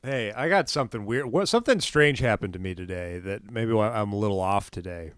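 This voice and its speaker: A podcast co-host chats casually, an animated storyteller who acts out the people in his stories and shouts their quotes. He has a lowish, smooth voice and talks briskly. The recording is clean studio sound without echo.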